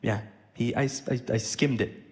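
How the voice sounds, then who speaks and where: A man's voice: medium pitch, fairly even intonation, a little slow, darkish tone, in a large hall. A man performing stand-up comedy, telling stories in a conversational way and acting out both sides of the dialogue. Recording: live audience laughing.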